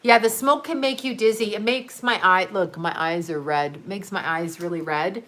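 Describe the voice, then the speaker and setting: Speaking at a moderate pace in a mid-range voice, she sounds bright and forceful. The livestream host rambles through casual chat, answering viewers' comments with frequent laughter.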